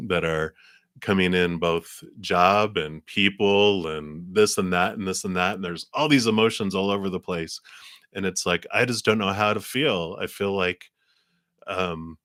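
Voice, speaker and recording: A man's voice: sits low, fairly bright tone, no room sound, studio quality. A man giving a live tarot reading, talking in a rambling, meandering way full of fillers. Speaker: tarot reader.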